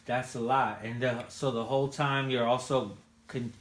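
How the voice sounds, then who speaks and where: A man interviewing a father he worked with, asking gentle leading questions with frequent restarts. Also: medium pitch, steady tone, moderate pace, roomy sound. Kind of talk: casual interview.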